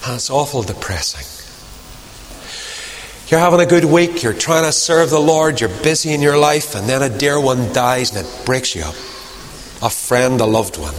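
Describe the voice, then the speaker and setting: Male preacher with a very expressive pitch and dramatic hushed drops, light noise under the voice. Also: moderate pace. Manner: dramatic swings from loud emphasis to hushed whispers. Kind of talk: sermon.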